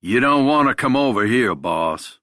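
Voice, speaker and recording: A man voicing a weary, drunk man with a Southern drawl who hides out in a dark park. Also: mid-range voice, animated, dry recording, studio quality, pitched above the performer's own voice. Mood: wary. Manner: slow drawling.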